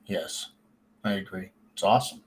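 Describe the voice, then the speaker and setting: A man's voice: low voice, steady tone, normal speed, breathy edge. A man co-hosting a live comic reading stream, laid-back and swearing casually. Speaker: co-host.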